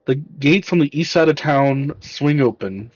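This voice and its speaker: A man narrating a tabletop game as game master, in a casual, halting way with restarts. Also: a little high, no room sound, muffled recording, faint music behind.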